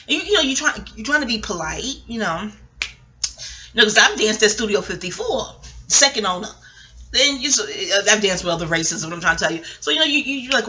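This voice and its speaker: A woman's voice: a little high, lively intonation, a little fast, sharp tone. A middle-aged woman giving a rambling, profane TV recap, talking straight to her viewers and laughing often. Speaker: vlogger.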